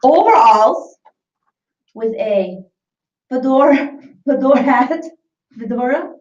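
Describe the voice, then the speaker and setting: High, lively woman co-hosting, roomy and distant. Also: slow. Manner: playful, laughs often. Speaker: co-host. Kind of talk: casual live-stream chat. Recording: roomy, distant, dull live-stream audio.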